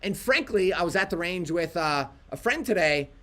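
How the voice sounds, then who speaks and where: A man co-hosting a home livestream, telling a story in a casual, animated way. His voice sits high and swings widely in pitch as he acts out what he and others said. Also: moderate pace. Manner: animated storytelling, quotes himself. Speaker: livestream co-host.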